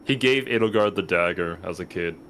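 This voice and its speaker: A man co-hosting a game stream, calmly correcting details in a matter-of-fact way. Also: low-pitched, brisk. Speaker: co-host. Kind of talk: let's play commentary.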